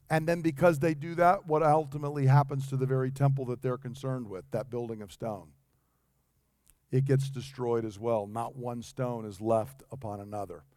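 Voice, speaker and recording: A man's voice: on the high side, darkish tone, no room sound. A man preaching an earnest Bible-teaching sermon, asking rhetorical questions as he explains the text. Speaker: pastor.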